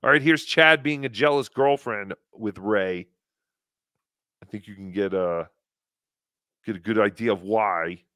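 A man hosting a podcast, talking casually with an animated, sarcastic delivery. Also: on the low side, measured pace, long pauses, no echo, studio quality. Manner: animated, sarcastic, mocks with impressions. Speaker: podcast host. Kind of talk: mocking casual chat.

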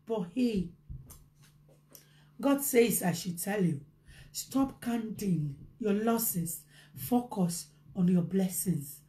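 A woman preaching a motivational sermon, impassioned, swinging from shouted bursts to hushed low lines. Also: expressive, slow pace, pauses often.

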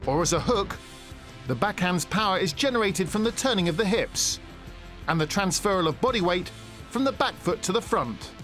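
A man reading a scripted sports narration in a measured way. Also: high voice, lively intonation, a bit bright, faint music behind.

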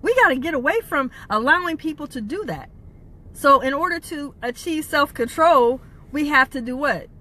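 Bright, high-voiced woman coaching with emphasis. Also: moderate pace. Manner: emphatic, asks rhetorical questions, lively pitch swings. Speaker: life coach. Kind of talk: motivational talk.

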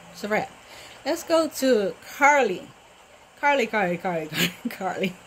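A woman in a relaxed recap chat whose fairly high voice keeps bouncing as she scolds the characters and jokes to her viewers. Her talk is lively and opinionated. A faint hiss sits under her voice. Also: rough recording. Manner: animated, talks back to the characters. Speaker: TV recap vlogger. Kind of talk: casual soap-opera recap.

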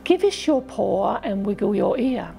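A woman's voice: medium pitch, unhurried, creaky, soft background music. A woman voicing a spirited, indignant orphan girl in a storybook reading. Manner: indignant, excitable.

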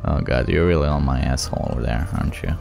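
A young man giving excitable, profane let's play commentary, taunting enemies as he plays. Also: rumbling low, fast, gravelly. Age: young adult. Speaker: gaming channel host. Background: game music.

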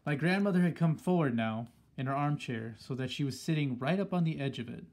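A man narrates a storybook in a steady, plain way. His voice is slightly husky and sits a little higher than most men's. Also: fairly quick. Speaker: audiobook reader.

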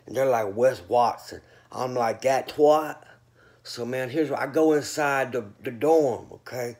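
A man from North Carolina holds forth in a loose, rambling monologue to his viewers. His voice sits at an ordinary male pitch. He is boastful and full of street slang, and he sounds a bit sleepy. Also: a little slow, darkish tone. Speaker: vlogger. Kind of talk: casual monologue to camera.

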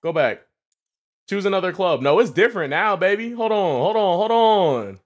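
Young male gaming streamer, slightly high and very lively voice, excitable and profane. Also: moderate pace. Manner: excitable, swears a lot, yells at plays. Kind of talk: casual gaming commentary.

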